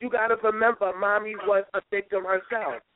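A woman's voice: mid-range voice, fairly even intonation, a little fast, crowd noise. A woman calling in by phone to a radio chat, talking in a preachy way and repeating phrases for emphasis. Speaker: caller, guest's sister. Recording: phone line with hiss.

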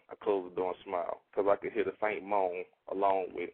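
Man, laid-back storyteller, deep husky voice, phone-like radio sound. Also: flat delivery, fairly quick. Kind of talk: first-person story narration.

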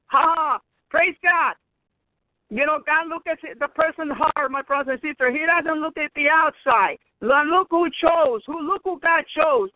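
A woman's voice: high voice, unhurried, no room sound. A woman whose first language is Spanish preaches, reading a Bible story aloud and breaking in with exclamations of praise and laughter. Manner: exclaims praise and laughs between read passages. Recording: tinny phone line.

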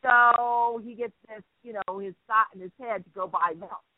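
Animated high-voiced male radio host. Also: normal speed, dry recording. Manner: animated storyteller acting out quotes. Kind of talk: storytelling on talk radio. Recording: dry tinny phone-like line.

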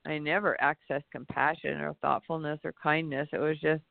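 A man's voice: a little high, little pitch movement, normal speed, vocal fry, hardly any pauses, no echo. A man co-hosting a reflective spiritual talk show, rambling and searching for his words. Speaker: podcast co-host. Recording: tinny phone-line sound.

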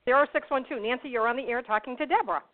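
A woman's voice: sits high, racing. Enthusiastic woman co-host on a thin line. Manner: enthusiastic, laughing along. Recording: phone-like narrow band.

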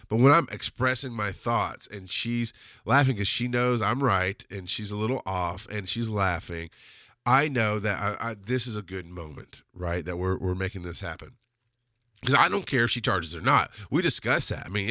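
A man hosting a podcast, telling a story in a casual, animated monologue and jumping up in pitch for emphasis and quoted lines. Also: no room sound, clean studio sound. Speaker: podcast host.

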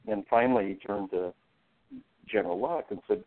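A male guest on a talk show, telling anecdotes in a relaxed way and laughing often. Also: fairly low pitch, normal speed, long pauses. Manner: anecdotal, chuckles while telling stories. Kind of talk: casual talk show discussion. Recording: tinny phone line.

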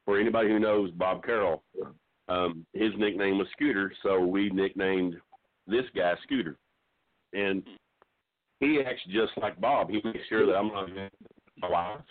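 A middle-aged man calling in to a talk show, telling meandering jokes with halting restarts. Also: low voice, dry recording. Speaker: regular caller. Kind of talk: rambling comedic call-in chat. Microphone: phone. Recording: dry tinny phone line.

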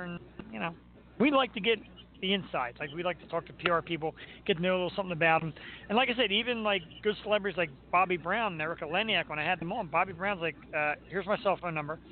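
A man hosting a radio talk show, telling animated stories with playful asides. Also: high-pitched, quick pace, slight background noise. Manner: animated storyteller, playful voices in anecdotes. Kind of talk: casual radio banter. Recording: tinny phone-like line.

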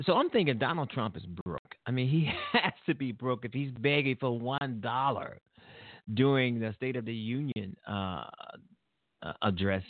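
A man's voice: mid-range voice, moderate pace, no room sound. A man hosting his own show, giving rambling, indignant political commentary with laughter and restarts. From Illinois, USA. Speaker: show host. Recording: dry tinny phone-like sound.

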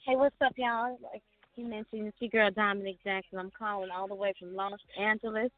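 A woman's voice: medium pitch, steady tone, fairly quick, no room sound. A young woman from Memphis with a Southern accent, a singer and songwriter calling in to give easygoing, reflective interview answers. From Memphis, Tennessee. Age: young adult. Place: calling in from home. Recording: dry tinny phone line.

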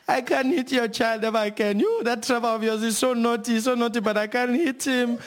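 A man voicing an elderly African grandmother, fretful and wailing, with drawn-out exclamations. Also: very high-pitched, voice pushed up.

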